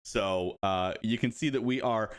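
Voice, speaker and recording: A man's voice: fairly low pitch, unhurried. A man in his thirties hosting a casual livestream, playful and chatty, greeting viewers by name and rambling off on asides. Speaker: livestream host for a game studio.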